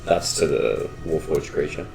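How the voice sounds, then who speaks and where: A man's voice: very deep voice, unhurried, creaky, music in the background. A man playing a tabletop game, calling out his actions and damage with hesitant ums. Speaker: player. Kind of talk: casual tabletop game chat.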